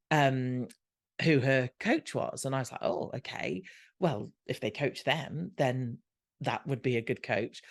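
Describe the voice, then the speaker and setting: A British woman, a podcast guest, telling a story in casual chat and acting out the dialogue as she goes. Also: a bass voice. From Britain. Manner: animated, acts out quoted dialogue.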